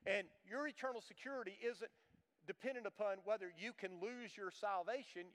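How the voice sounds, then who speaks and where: A man's voice: high voice, fairly bright tone. An older man preaching a sermon as pastor, emphatic and folksy, mixing scripture with homespun stories. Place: church sanctuary. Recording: long reverb of a large hall.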